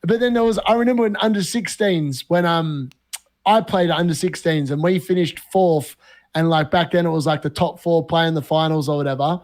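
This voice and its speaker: A young man from Australia, a podcast guest, telling animated, laugh-filled stories in casual talk. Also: on the high side, fairly quick. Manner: animated, laughs often, lively anecdotes. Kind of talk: casual storytelling.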